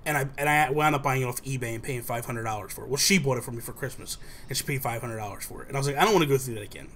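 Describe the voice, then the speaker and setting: Animated man telling a story. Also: medium pitch, racing, slight background noise. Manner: animated storyteller, acts out quoted voices. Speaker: host. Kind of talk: casual chat, telling a story.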